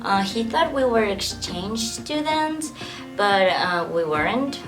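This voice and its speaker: A woman's voice: mid-range voice, lively intonation, slow, loud music behind the voice. A young woman in her twenties, a vlogger telling a story in casual chat, filling her talk with "like" and frequent laughs. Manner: chatty, fills speech with "like" and laughs.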